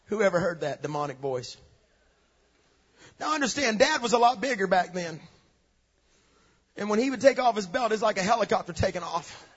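A man preaching a sermon, telling stories and building to emphatic shouts. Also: high-pitched, expressive, moderate pace, pauses often, slightly rough, dull audio.

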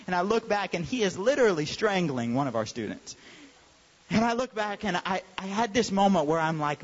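A young adult man, a youth pastor, telling a lively story in a sermon and acting out the voices of the people in it. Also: sits high, brisk. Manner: animated storyteller, acts out quoted voices. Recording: dull sound with long hall reverb.

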